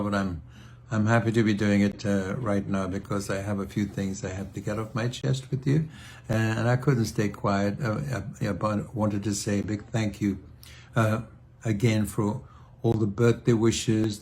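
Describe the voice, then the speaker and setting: Older man, low voice, casual video diary, halting, throat clearing, fond storytelling. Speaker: singer sharing a video message.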